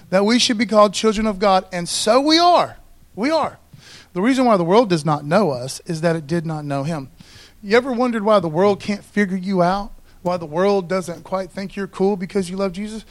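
A man preaching a sermon in a loose, conversational way, often checking in with the congregation. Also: high-pitched. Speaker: pastor.

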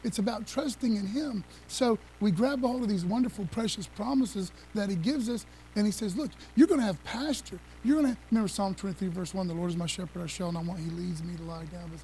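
A man preaching with a high, lifted voice, quick and excitable, tossing in laughs and casual asides to his church. A faint hum runs underneath. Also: low-quality recording. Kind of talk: energetic sermon with slides.

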